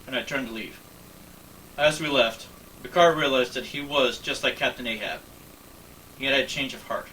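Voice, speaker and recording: Brief: man narrating a fan story, bright voice, distant mic, faint background noise. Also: medium pitch. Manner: plain, slightly halting narration. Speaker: story reader. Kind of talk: reading a fan story aloud.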